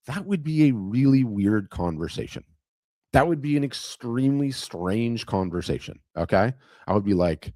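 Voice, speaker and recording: A man's voice: medium pitch, lively intonation, moderate pace, a little mellow, no echo, clean studio sound. A man hosting an art business talk, speaking emphatically to camera, going on tangents and repeating phrases for effect. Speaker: host of an art business webinar. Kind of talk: animated motivational talk to camera.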